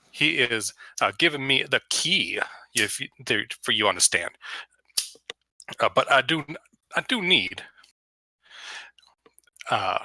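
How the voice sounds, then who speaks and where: A man's voice: mid-range voice, bright, forceful tone, dry recording, full character voice. A man voicing a genteel Southern-accented vampire who is smiley, drawling and barely hiding his hunger. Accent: American Southern. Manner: overly smiley, drawling, mock-polite.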